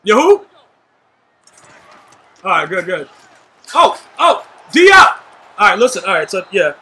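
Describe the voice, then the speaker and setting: A young man giving live gameplay commentary, trash-talking and shouting at his teammates in a hyped way. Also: high-pitched, big pitch swings, a little slow, very noisy. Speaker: gaming YouTuber.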